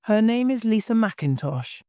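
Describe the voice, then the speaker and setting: A woman reading the part of an anxious but steady young woman who explains things earnestly in a graded story reading. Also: on the high side, a little slow, no echo, clean studio sound, voice pushed up.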